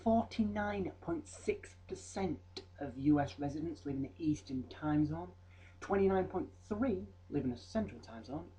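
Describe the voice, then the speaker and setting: A young man rattles off odd facts with rambling comic asides and a mellow, dark-toned voice. His pitch sits a bit high for a man. He breaks into silly mock voices now and then. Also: lively intonation, a little slow, rough recording. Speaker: vlogger. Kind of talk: comedic fact vlog.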